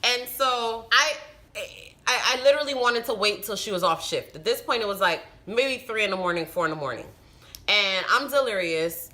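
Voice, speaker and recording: A woman vlogger speaks straight to camera in an easy, conversational storytelling way. Her voice is bright and forward, and she leans hard into the key words with animated emphasis. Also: medium pitch, fairly quick. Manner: animated, emphatic retelling with frustrated outbursts. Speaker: vlogger and new mother.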